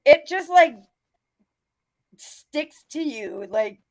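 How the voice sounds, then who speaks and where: A woman's voice: high voice, expressive, extremely slow. A woman from North Dakota with a mix of North Dakota and Southern US accent, hosting a casual livestream chat, chatty and laughing often between fillers. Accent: mixed North Dakota and Southern US. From North Dakota, USA. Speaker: livestream host.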